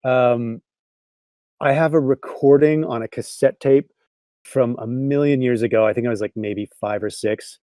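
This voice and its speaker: A man's voice: medium pitch, steady tone, moderate pace, dark tone, dry recording, studio quality. A man with a Canadian accent, a game composer chatting in an interview, enthusiastic and rambling, laughing often. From England, Cornwall. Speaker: video game composer and voice director. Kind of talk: casual interview chat.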